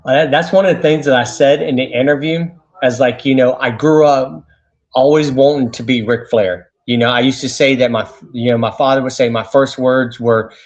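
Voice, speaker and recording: A man's voice: mid-range voice, normal speed, dull audio. Chatty man telling stories. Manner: animated anecdotes with many fillers and restarts. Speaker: radio show host, interview guest. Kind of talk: casual storytelling interview.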